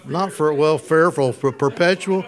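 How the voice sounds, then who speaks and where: Man, pastor, casual conversational sermon, fairly high voice, chuckles a lot, asks the listeners questions. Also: unhurried.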